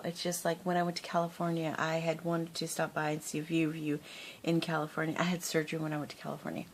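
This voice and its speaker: A woman's voice: deep voice, slight background noise. A woman chatting casually to her camera as a crafting vlogger, rambling and laughing often.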